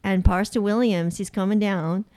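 A woman's voice: medium pitch, fairly even intonation, moderate pace, darkish tone, a little hiss or hum, close to an everyday voice. A woman putting on a chatty Southern churchgoing woman, rambling in folksy chatter.

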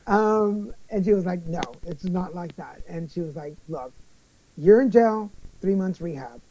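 A young man being interviewed, telling his story in a candid, animated way and acting out other people's lines. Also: high voice, measured pace, a little hiss or hum, rough recording. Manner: animated storyteller, acts out quoted voices, many restarts. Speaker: guest.

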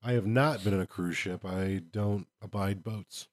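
Low-voiced blunt podcast man. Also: steady tone, moderate pace, no room sound, clean studio sound. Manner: blunt opinions, many fillers. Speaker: podcast co-host reviewing game books. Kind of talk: casual chat.

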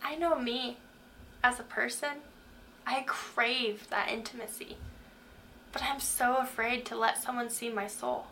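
A young woman speaks in an earnest, questioning way, giving a faith-based motivational talk straight to her listener. Her voice sits a little high and rings bright and forceful. Faint noise runs underneath. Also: steady tone, measured pace, creaky. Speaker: Christian speaker.

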